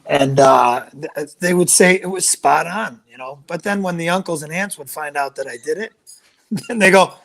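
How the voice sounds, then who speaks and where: Lively man chatting on a video call. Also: fairly high pitch, gravelly, low-quality recording. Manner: animated storyteller, slips into quick impressions. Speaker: guest, comedian and voice impressionist. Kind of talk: casual podcast chat.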